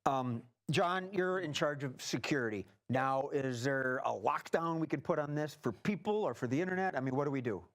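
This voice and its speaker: A man's voice: mid-range voice, lively intonation, moderate pace, few pauses, a bit bright, close to an everyday voice. An improv performer in a TV studio playing a blustering male company CEO who jokes and stumbles over his words. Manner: jokey, stammering restarts. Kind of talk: improv comedy scene.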